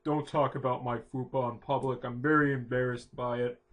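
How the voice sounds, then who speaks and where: A man's voice: mid-range voice, flat delivery, normal speed, natural voice. A man voicing a grumpy, embarrassed middle-aged uncle who stammers when flustered.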